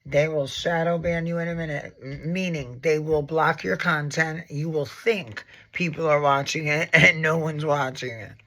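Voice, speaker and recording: A man's voice: on the high side, fairly even intonation, normal speed, few pauses, fairly bright tone. A man in his forties, a makeup artist and educator, giving a casual makeup tutorial in a sassy, dramatic, rambling way, with lots of asides and swearing.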